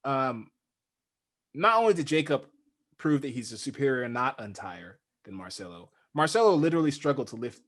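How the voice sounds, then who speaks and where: A man's voice: mid-range voice, sing-song, normal speed, fairly bright tone. A man co-hosting a casual reality show recap podcast, joking and acting out quotes in punchy lines. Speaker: podcast co-host.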